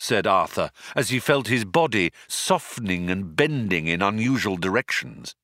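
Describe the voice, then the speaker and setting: A man narrating a story in a measured, wry storytelling manner. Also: fairly low pitch, lively intonation, fairly bright tone, no room sound, studio quality. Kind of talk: audiobook narration.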